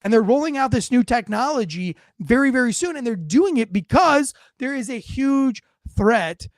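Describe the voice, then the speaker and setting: A man's voice: very high-pitched, expressive, moderate pace, dry recording, clean studio sound. A man hosting an online news commentary show, talking in a brash, conversational way with crude slang and asides. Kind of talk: casual political commentary.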